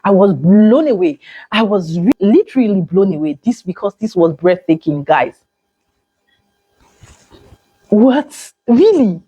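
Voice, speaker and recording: A woman, chatting excitedly and emotionally to her viewers in a vlog. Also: on the low side, normal speed, slightly rough, no echo, highs cut off. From Nigeria. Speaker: vlogger. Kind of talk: casual vlog chat.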